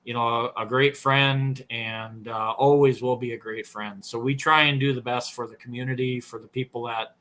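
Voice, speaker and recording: A man's voice: mid-range voice, fairly even intonation, normal speed, hardly any pauses, bright, forceful tone. A man with an Upper Midwest American accent, a snowmobile tuner telling long, rambling stories as a podcast guest, full of fillers and restarts. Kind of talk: casual storytelling interview.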